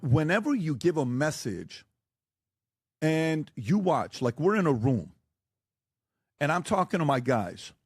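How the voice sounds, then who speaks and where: A forceful man lecturing in a debate. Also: medium pitch, no room sound, studio quality. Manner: forceful, fires rhetorical questions; lectures and gives blunt warnings. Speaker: podcast guest debating the host. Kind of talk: heated debate.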